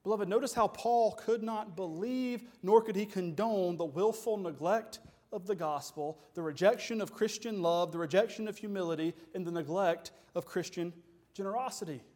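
A man's voice: sits high, moderate pace, a little mellow. A man preaching a sermon as pastor, emphatic and full of rhetorical questions.

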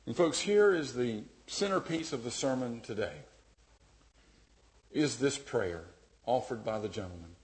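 A man preaching a sermon as pastor, dynamic, dropping to a hush and then rising loud and emphatic. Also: mid-range voice, expressive, unhurried, long pauses.

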